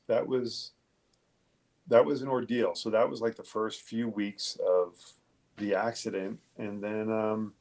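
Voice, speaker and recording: A man with a low, gravelly, somewhat husky voice tells his story as a guest in an interview. He is a police detective who speaks bluntly and emphatically, swearing freely. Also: darkish tone.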